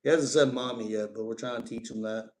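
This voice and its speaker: A middle-aged man with a drawl talks easily and at length during a home live stream, his voice sitting at an ordinary, mid-range pitch. His chat rambles from one thought to the next, and he keeps pausing to coax and praise his parrot. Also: fairly even intonation, slight background noise.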